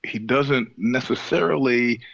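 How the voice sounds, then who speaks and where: A man being interviewed, telling stories in a casual, animated way, swearing and laughing often. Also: medium pitch, unhurried, gravelly, dry recording, lo-fi sound. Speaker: guest.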